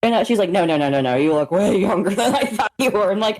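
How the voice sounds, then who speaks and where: A woman's voice: on the high side, quick pace, rough recording. Woman, late 20s, podcast co-host, casual chat, giggly, rambly storyteller. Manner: laughing often, rambling, animated storytelling.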